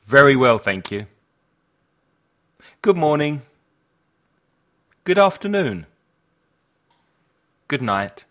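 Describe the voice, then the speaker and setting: A man's voice: on the high side, sing-song, very slow, pauses often. A man reading travel phrases aloud for learners, one at a time, each with a falling end. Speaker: phrase reader for language learners.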